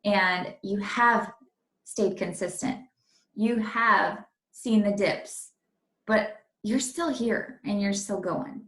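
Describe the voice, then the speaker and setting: A woman on a team call, sharing thoughts with her teammates in a warm, unhurried way. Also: medium pitch, echoey room. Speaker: team member. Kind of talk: casual call chat.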